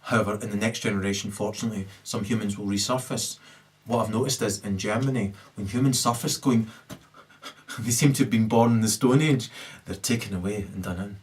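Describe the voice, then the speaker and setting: A man delivering a rambling solo rant, swearing heavily and tagging "right?" onto his sentences, lurching from loud high bursts to low mutters. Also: a little fast. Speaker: solo video commentator.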